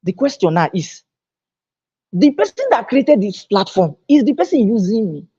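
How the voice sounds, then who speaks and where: A man's voice: high-pitched, sing-song, normal speed, mellow, slightly rough, dull audio. A man giving a live online lecture, emphatic and repeating his key phrases. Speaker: online teacher. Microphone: own microphone, recorded on camera.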